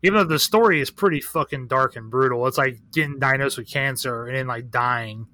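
Man guest, bright tense tone, candid loose chatter with lots of fillers. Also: medium pitch, fairly quick, no room sound. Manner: candid, profane, rambling with many fillers. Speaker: guest, record shop owner. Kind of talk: casual chat.

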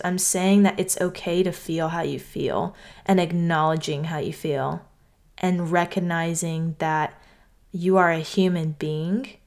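Speaking in a low-pitched voice with a darkish tone, a young woman from North Carolina muses on her solo podcast. She sounds earnest and conversational, leaning heavily on "like."

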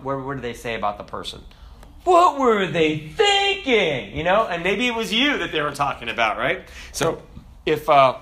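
A man preaching a conversational sermon, quoting scripture and tossing in asides and tag questions, with big swings in pitch and loudness. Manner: dramatic swings in pitch and volume.

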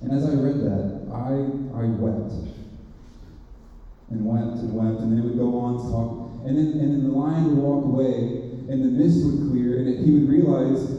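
A man's voice: medium pitch, fairly even intonation, normal speed, mellow. A man giving a sermon built on a personal story, speaking earnestly and confessionally, with self-mocking humor. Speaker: speaker at a campus ministry. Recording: dull, roomy hall from far off.

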